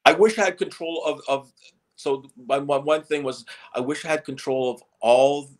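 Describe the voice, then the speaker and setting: A man's voice: a little high, normal speed. Rambling middle-aged man telling stories. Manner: repeats words and restarts often. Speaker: stage hypnotist guest. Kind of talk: casual storytelling interview.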